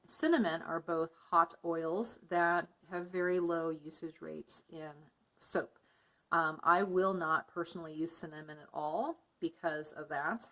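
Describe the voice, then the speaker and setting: A woman's voice: fairly low pitch, fairly bright tone. A woman casually narrating a soap-making tutorial, explaining each step with frequent fillers. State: muffled by a face mask. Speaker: soap maker.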